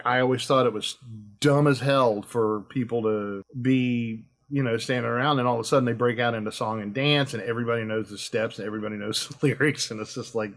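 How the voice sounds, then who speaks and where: Middle-aged male host, mid pitch, rambly and emphatic, talking shop. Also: fairly bright tone. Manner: rambling, emphatic, lots of fillers. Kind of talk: casual chat.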